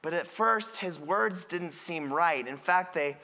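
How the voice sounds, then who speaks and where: A man's voice: a little high, measured pace, pushed and bright. A man playing a Samaritan leper in a first-person sermon monologue, telling his story earnestly and with emphasis. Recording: long reverb in a large hall.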